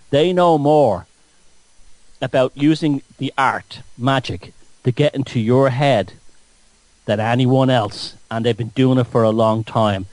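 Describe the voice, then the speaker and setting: A man's voice: mid-range voice, darkish tone, no room sound, rough recording. A man hosting a radio show, rambling through a mocking, satirical monologue.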